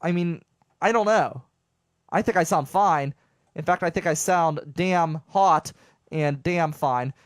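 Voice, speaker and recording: Excitable man with an unusual voice. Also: fairly high pitch, slow pace, no room sound, clean studio sound. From southwestern Pennsylvania, USA. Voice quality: unusual voice that people take for foreign. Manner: rambling and excitable, with repeated restarts. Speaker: vlogger. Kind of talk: casual monologue to viewers.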